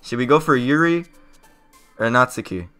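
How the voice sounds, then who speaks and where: A man streaming a game live, reacting loudly with a lot of swearing and nervous outbursts. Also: medium pitch, expressive, normal speed, smooth, faint music behind. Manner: loud, profane, jumpy reactions. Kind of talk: live gameplay commentary.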